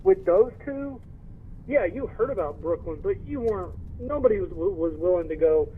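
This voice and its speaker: A man with a high voice chats about sports as a podcast co-host, dry and agreeable. His audio is tinny and phone-like, with a faint hiss. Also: lively intonation, moderate pace. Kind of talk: casual sports chat.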